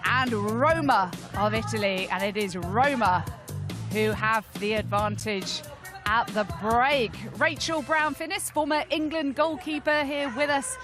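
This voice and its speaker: Sports presenter, woman, high voice, breezy and teasing, music bed behind. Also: a little slow. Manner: chatty, teasing. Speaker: studio presenter. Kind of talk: live sports broadcast presenting.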